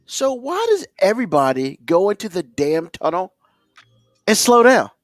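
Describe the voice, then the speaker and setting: A man's voice: high voice, sing-song, moderate pace, no echo, faint music behind. A man ranting on a podcast, mocking other drivers with put-on quotes. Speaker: podcast co-host. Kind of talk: ranting casual chat.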